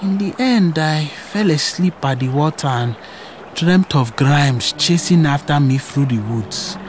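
A woman narrating a story in the first person, hushed and wondering. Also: deep voice, animated, a little slow, a little hiss or hum.

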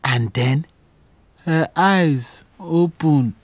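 A woman narrating a story in the first person, hushed and wondering. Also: low-pitched, extremely slow, slightly rough, dry recording.

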